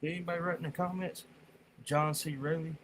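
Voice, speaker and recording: Brief: man, streamer, slightly high voice, profane rambling chat, noisy room. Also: level tone, a little fast, fairly bright tone. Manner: rambling, profane, drawling Southern-style talk. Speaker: livestreamer. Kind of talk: casual livestream chat.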